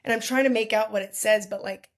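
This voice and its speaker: A young woman telling a long personal story as a podcast guest in a lively, chatty way. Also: medium pitch, fast. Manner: lively, chatty, lots of "like" and "y'all". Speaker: podcast guest, food entrepreneur. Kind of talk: casual storytelling.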